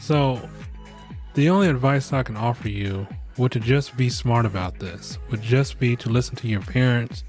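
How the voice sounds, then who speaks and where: Middle-aged guy rambling through some blunt dating advice on his podcast, faint music underneath, mid-pitched voice. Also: moderate pace, darkish tone. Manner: frank, rambling, jokey. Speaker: podcast host giving advice. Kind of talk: casual advice monologue.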